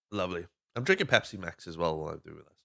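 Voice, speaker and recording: A man's voice: deep voice, sing-song, brisk, vocal fry, bright, forceful tone. A Welsh man hosting a podcast, casually rambling through a film recap, swearing freely and acting out lines. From Wales. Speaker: podcast host. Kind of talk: casual movie recap monologue.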